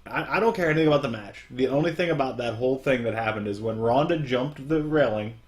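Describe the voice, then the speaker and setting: A man's voice: mid-range voice, fast. Male podcast co-host, wry and rambling, self-deprecating. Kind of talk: casual chat.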